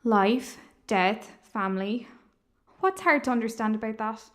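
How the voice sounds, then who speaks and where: A woman voicing a lonely young woman who plans an opera, talking in a blunt, defensive way in an animated film. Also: a little high, unhurried, close to an everyday voice.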